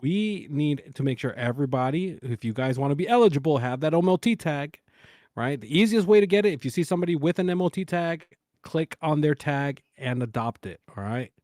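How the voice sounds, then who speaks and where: A man's voice: on the high side, animated, brisk, darkish tone, no room sound. Chatty man running giveaways, dry close sound. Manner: loose and chatty, counting numbers under his breath. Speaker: livestream co-host running giveaways. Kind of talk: casual livestream chat.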